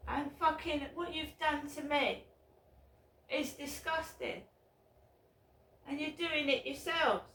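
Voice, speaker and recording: Angry woman vlogger, high voice, slow bitter delivery, roomy echo. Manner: bitter, swearing, shouting outbursts. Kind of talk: angry ranting vlog. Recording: roomy echo, mic at a distance.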